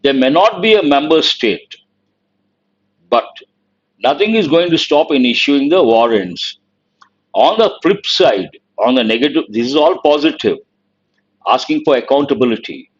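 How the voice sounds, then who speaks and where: A man's voice: mid-range voice, animated, moderate pace, pauses often, breathy edge, dull audio. A man teaching an online exam-prep class. He explains an editorial line by line, stops to give word meanings, and puts questions to the students.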